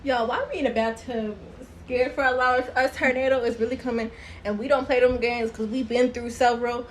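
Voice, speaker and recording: A young woman hams it up for her phone while hiding out in a bathtub, laughing as she talks to viewers. Her voice sits high, and the phone audio is noisy. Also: steady tone, fairly quick. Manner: laughing, dramatic, talking to viewers. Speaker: vlogger. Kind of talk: casual vlog chat. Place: home bathroom, in the bathtub.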